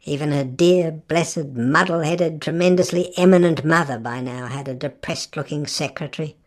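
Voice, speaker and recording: A woman with a notably deep voice reads a literary novel aloud. Her narration is expressive and wry, and she shifts her emphasis as she goes. The delivery stays steady and unhurried. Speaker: audiobook narrator.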